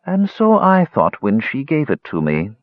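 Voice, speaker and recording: A man's voice: medium pitch, wildly swooping pitch, unhurried, no room sound, pitched above the performer's own voice. A man voicing a lazy, sly male tabby cat who drawls in a wry, knowing way. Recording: slightly dull lo-fi recording.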